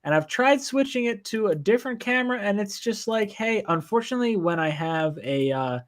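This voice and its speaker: A man's voice: sits high, expressive, a little fast. A man hosting a casual live stream from home, joking and reading viewer comments aloud. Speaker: podcast host reading chat. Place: at home, downstairs. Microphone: phone.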